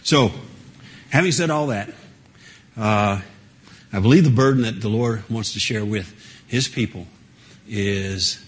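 A man's voice: on the low side, slow pace, pauses often, husky. A man teaching a Bible study to a small group, talking conversationally with frequent fillers and laughs and asking the group questions.

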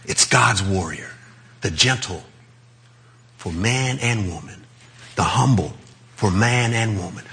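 A man's voice: fairly low pitch, takes it slowly, long pauses, sharp tone, husky. A man preaching a sermon in a loose, conversational way, with chuckles as he talks.

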